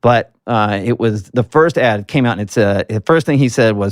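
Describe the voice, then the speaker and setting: A man's voice: lowish voice, moderate pace, few pauses, dry recording, studio quality. A man from Alabama, a political marketing guest, telling stories earnestly in a casual interview with plenty of fillers. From Alabama, US South. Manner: earnest storytelling with frequent fillers.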